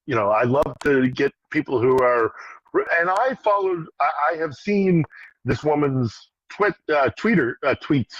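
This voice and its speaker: A man's voice: fairly high pitch, lively intonation, measured pace, no room sound, lo-fi sound. A man giving casual political commentary on a live stream, rambling with restarts and asides. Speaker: regular guest commentator. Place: in Ukraine.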